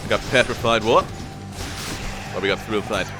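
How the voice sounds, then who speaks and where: A man's voice: on the low side, normal speed, music in the background. Playful man narrating his gameplay. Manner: playful, taunts enemies aloud. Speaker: gameplay streamer. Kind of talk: casual gameplay commentary.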